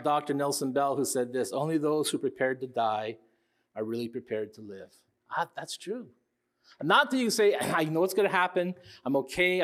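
An earnest man in his sixties delivers a sermon in a somewhat high voice. He keeps circling back to his key phrases and stops to put questions to the congregation. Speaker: pastor.

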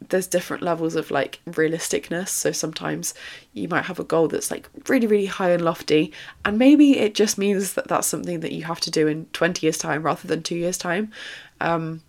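Young woman, lowish pitch, slightly husky, easygoing rambling solo podcast host with lots of fillers. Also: moderate pace. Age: 20s. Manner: chatty, rambling, frequent fillers. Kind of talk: casual solo podcast monologue.

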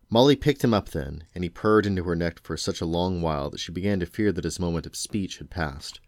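Deep-voiced dad reading a bedtime story. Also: male voice, brisk, hardly any pauses, darkish tone, dry recording, clean studio sound. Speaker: father reading to his sons. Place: home.

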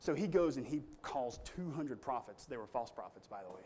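A man's voice: mid-range voice, very animated, a little fast, a little mellow, slightly rough. A man pastor preaching a sermon in an earnest, conversational storytelling way with strong emphasis.

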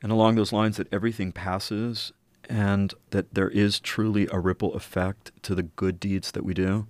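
A middle-aged man telling a personal story in an earnest, reflective way, slowing down at key moments. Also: fairly low pitch, flat delivery, a little mellow, no room sound. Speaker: interview guest.

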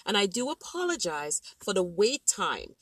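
A woman's voice: mid-range voice, sing-song, normal speed, a bit bright, no room sound. A woman playing a brash customer service representative on a call, sassy and clipped, in a comedic role-play.

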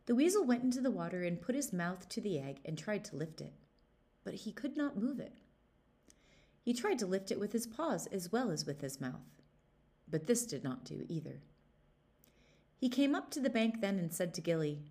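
A woman reading a fairy tale aloud to children in an expressive storytelling manner. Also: medium pitch, normal speed, pauses often.

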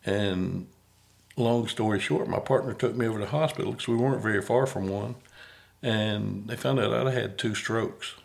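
A man's voice: on the low side, moderate pace, creaky. A middle-aged man, hosting a podcast in a folksy, rambling, self-deprecating way. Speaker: podcast host. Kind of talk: casual interview chat.

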